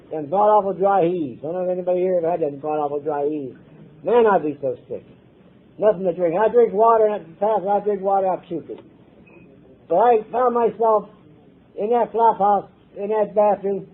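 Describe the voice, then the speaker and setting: A man's voice: high voice, slightly rough. An older American man telling his own story to a recovery meeting, blunt and earnest, swearing and repeating phrases. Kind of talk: personal story told to a live meeting. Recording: tinny lo-fi tape recording.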